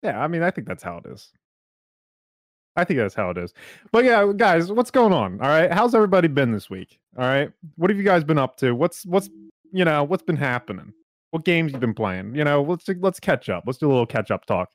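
A man hosting a podcast, chatting casually. His pitch swings widely as he talks. The sound is dry and close. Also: big pitch swings, dry recording. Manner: playful, defensive, hurried asides. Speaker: podcast host. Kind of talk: casual chat.

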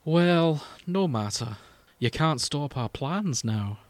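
A man's voice: fairly high pitch, expressive, slow pace, no echo. A man reading a scheming villainous woman space overlord aloud in a comic fan fiction reading, playful and near laughter. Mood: gloating.

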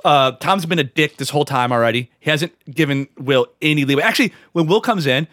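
A man's voice: on the high side, lively intonation, fairly quick, fairly bright tone, no room sound, clean studio sound. A man co-hosting a casual movie review podcast, riffing with crude jokes. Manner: crude, joking riffs. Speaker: podcast co-host.

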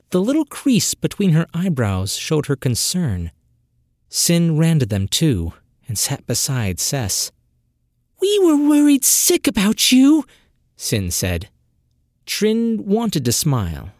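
A professional narrator reads a fantasy story at an unhurried, measured pace. The pitch rises and falls a lot across the lines. The sound is dry, with no room echo. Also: darkish tone. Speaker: audiobook narrator.

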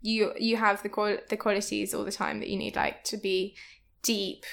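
A woman's voice: medium pitch, flat delivery, normal speed, gravelly, a bit bright. A woman guest in a casual podcast chat who laughs often.

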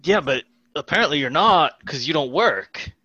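A man's voice: a little high, animated, normal speed, bright, forceful tone, breathy edge. A man playing a tabletop game, speaking in a laid-back way and often laughing. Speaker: player. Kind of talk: in-character tabletop play. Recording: dull lo-fi mic.

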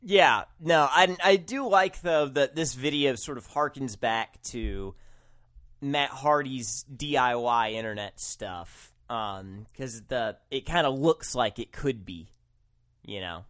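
A man co-hosting a podcast, musing in slow, animated casual chat with fillers. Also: medium pitch. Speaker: podcast co-host.

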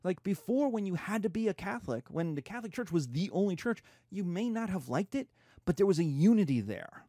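A man's voice: sits high, sing-song, brisk, dark tone, dry recording, studio quality. A man giving a casual, irreverent history lecture, acting out quotes in slangy voices.

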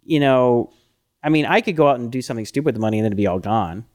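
A middle-aged man co-hosting a podcast, chatting casually with lots of fillers and animated when he quotes himself. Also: medium pitch, racing. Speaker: podcast co-host. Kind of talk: casual chat.

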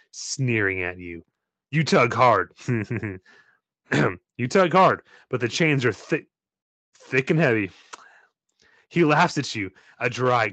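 A man's voice: on the low side, sharp tone, no room sound. A man reading a choose-your-path story aloud in a playful way, breaking off now and then with joking asides. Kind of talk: playful read-aloud narration.

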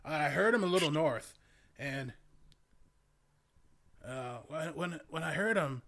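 A man's voice: on the high side, lively intonation, takes it slowly, fairly bright tone, heavily acted. A man doing a spaced-out stoner druid. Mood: spacey. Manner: drawling, rambling, full of "like" and "man". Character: laid-back rambling young male stoner druid. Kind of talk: tabletop role-play character voice.

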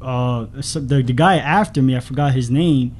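A man's voice: medium pitch, normal speed, darkish tone. A man from the Bronx, a new stand-up comic guesting on a casual podcast, rambling through his story with crude jokes.

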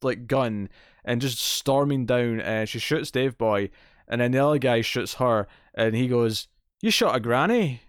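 A man co-hosting a podcast, chatting casually and giving animated, opinionated takes with jokes along the way. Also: medium pitch, clear, resonant tone, no echo, studio quality. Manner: animated, opinionated, quick to joke. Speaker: podcast co-host. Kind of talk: casual chat.

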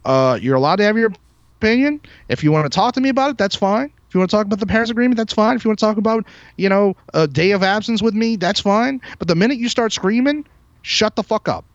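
A podcast host, a man with a somewhat high-pitched voice, rants heatedly and swears constantly. His delivery is emphatic and combative. The recording sounds muffled and lo-fi, with a dry, close sound and no room echo. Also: animated, quick pace. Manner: heated, profane, emphatic ranting. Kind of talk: ranting podcast monologue.

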